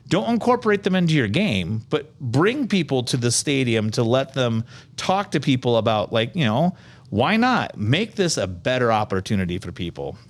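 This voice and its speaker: Man, podcast host, casual chat, animated, opinionated, rambling, mid pitch.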